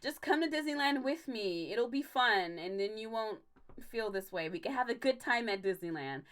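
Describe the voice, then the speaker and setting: A woman's voice: a little high, animated, normal speed, a bit bright. A young adult woman hosting a casual livestream, ranting emphatically with frequent swearing and laughter. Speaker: stream host.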